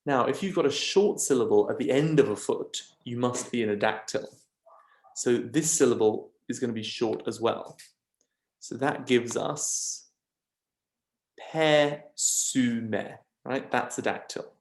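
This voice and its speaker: A man's voice: mid-range voice, normal speed, echoey room. A man teaching a recorded lesson, explaining step by step in a patient way with frequent ums and checking questions. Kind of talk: recorded video lesson on scanning verse.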